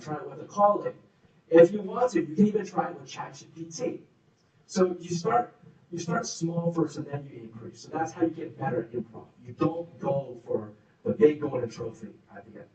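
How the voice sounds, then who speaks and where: A man coaches a workshop crowd through audience questions, slipping into little acted demonstrations of how people sound. His voice sits a bit high for a man. The sound is roomy and echoey, picked up from some distance off the mic. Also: normal speed, a little mellow. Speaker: workshop speaker. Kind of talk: live workshop Q&A talk. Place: meeting room. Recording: echoey room, speaker off mic.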